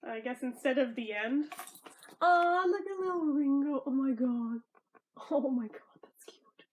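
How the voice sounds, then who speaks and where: A woman's voice: high-pitched, expressive, measured pace, highs cut off. A woman reading a picture book aloud with playful, giggly, chatty asides. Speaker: storybook reader. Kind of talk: casual read-aloud commentary.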